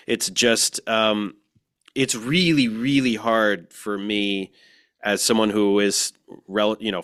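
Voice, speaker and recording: A man's voice: lowish voice, fairly bright tone. A man who is a guest in an interview, explaining in a casual, matter-of-fact way with examples. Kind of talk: conversational interview.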